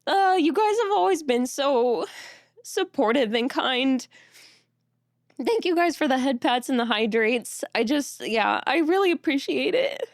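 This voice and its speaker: A young woman streamer chatting casually with her viewers, teary and close to crying, talking softly with nervous laughs. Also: high-pitched, expressive, unhurried, dry recording. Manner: soft, thankful, breaking into nervous laughs. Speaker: streamer reading chat. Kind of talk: casual live-stream chat.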